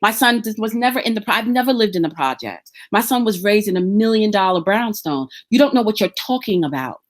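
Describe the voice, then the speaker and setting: A woman's voice: mid-range voice, lively intonation, fairly quick. A woman from Brooklyn, ranting bluntly and sarcastically in a casual chat. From Brooklyn, New York. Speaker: co-host.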